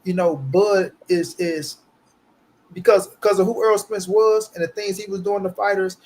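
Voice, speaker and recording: A man's voice: sits high, fairly even intonation, moderate pace, darkish tone, poor audio. A man on a panel chat who keeps checking in with "right?" and "you know".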